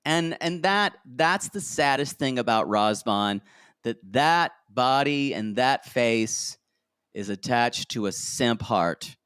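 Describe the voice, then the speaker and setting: A catty man co-hosts a podcast, laughing often and acting out what people said. His pitch leaps up and down, and the recording is close and dry. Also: animated, slow, fairly bright tone, smooth, no echo. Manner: catty, laughing, acts out quotes. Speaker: podcast co-host. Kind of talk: casual chat recapping reality TV.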